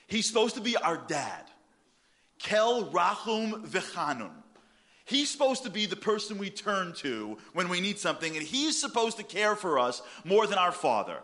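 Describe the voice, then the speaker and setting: A man giving a humorous sermon, animated and telling stories. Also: high-pitched, moderate pace. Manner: animated, comic, storytelling. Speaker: speaker.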